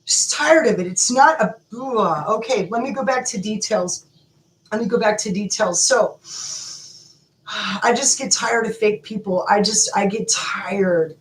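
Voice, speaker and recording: A woman's voice: mid-range voice, measured pace, echoey room, rough recording. A woman in an impassioned, profane rant, repeating her words for emphasis as she calls for justice. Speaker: advocate calling for justice. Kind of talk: impassioned direct-to-camera rant.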